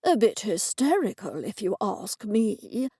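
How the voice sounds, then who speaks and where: A woman's voice: medium pitch, big pitch swings, a little slow, mellow, breathy edge, no echo, studio quality. A woman voicing a condescending male talking cat who is really a cursed ancient wizard. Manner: condescending, bossy.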